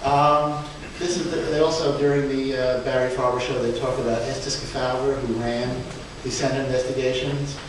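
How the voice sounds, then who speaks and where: Halting man talking through slides. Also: mid-range voice, level tone. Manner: halting, many restarts and fillers, chuckling. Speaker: speaker at a book event. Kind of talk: informal slide presentation. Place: event room in a museum. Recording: echoey room, far from mic, background noise.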